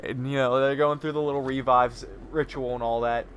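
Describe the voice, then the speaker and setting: A man's voice: mid-range voice, fairly even intonation, brisk, fairly bright tone, a little hiss or hum. A man co-hosting a gaming show, casually telling a long story and often laughing mid-sentence. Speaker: co-host playing a video game.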